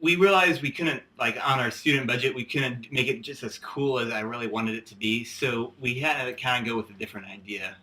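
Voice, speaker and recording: A man's voice: mid-range voice, a little fast, few pauses, sharp tone. A young man in his twenties, a student director speaking in an easygoing, reflective documentary interview. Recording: distant mic with music underneath.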